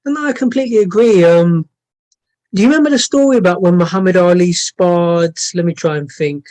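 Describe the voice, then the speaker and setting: A man's voice: high-pitched, fairly quick, darkish tone, poor audio. A man hosting an interview, asking questions and giving brief encouragement. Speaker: interview host.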